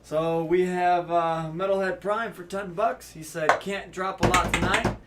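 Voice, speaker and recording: A man's voice: sits high, steady tone, measured pace, background noise. A man co-hosting a casual livestream, reading out donations and messages in a laid-back way. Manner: laid-back, reads donor messages aloud.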